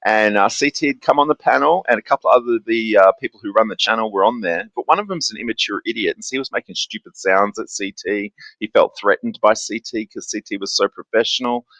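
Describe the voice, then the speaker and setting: A man's voice: fairly low pitch, fast talker, hardly any pauses, a bit bright, no room sound, poor audio. A man telling a story in casual live-stream chat, bluntly and with frustration, with swearing and many fillers. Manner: uses filler words often. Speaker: guest.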